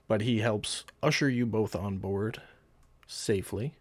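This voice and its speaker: Low-voiced man running a tabletop game. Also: normal speed, no room sound. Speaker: game master.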